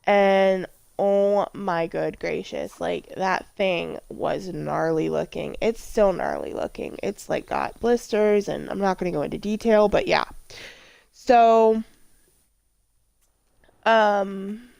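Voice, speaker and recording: A woman vlogger talking over her gameplay in an unhurried, gravelly voice. She drifts between stories from her week and reactions to the game, with casual swearing and sudden exclamations. The sound is dry and close. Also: mid-range voice, darkish tone, no room sound. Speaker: let's play vlogger. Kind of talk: casual gameplay commentary with rambling personal stories.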